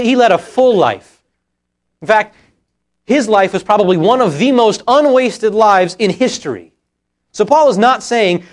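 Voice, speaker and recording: A pastor delivering a sermon with a high, light voice. He preaches earnestly and with emphasis. He lingers slowly over the verses he quotes. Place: church sanctuary.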